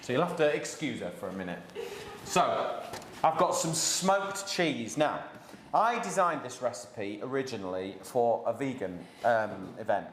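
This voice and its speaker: Chatty dad teaching cooking in an echoey kitchen. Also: male voice, medium pitch, lively intonation, a little slow, fairly bright tone, a little hiss or hum. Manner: chatty, encouraging, jokey with his daughter. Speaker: cooking class host. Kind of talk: live kids' cooking class. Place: home kitchen.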